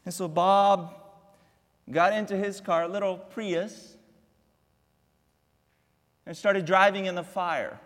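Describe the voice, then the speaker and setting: High-voiced male preacher in echoey church. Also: fairly even intonation, slow, pauses often, a bit bright. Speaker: guest preacher. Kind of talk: sermon. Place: church sanctuary.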